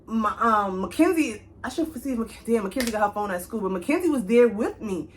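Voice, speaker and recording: Young woman, chatty storytime vlog, fairly high voice, animated. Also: a little fast, slight background noise. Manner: chatty, animated, talks straight to viewers. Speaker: vlogger. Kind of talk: casual storytime.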